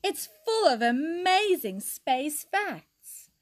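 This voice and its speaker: A woman voicing a cheerful young schoolboy who loves space, in a bright, eager storybook voice. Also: high-pitched, big pitch swings, unhurried, heavily acted.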